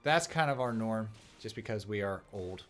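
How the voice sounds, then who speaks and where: A man playing a video game and commenting casually, excitable and swearing at what happens on screen. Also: on the low side, moderate pace, soft background music.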